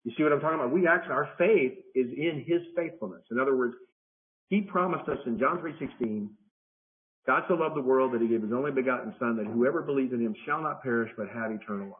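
A man teaching a Bible study to a group in a casual, conversational way, circling back and repeating phrases as he explains. His voice sits at an ordinary middle pitch. The audio is narrow and phone-like. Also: quick pace. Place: church study group, partly remote.

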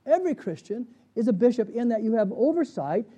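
A man's voice: very high voice, sing-song, a little fast, mellow, muffled recording. A man, a pastor, leading a conversational Bible study, often checking in with the class with questions.

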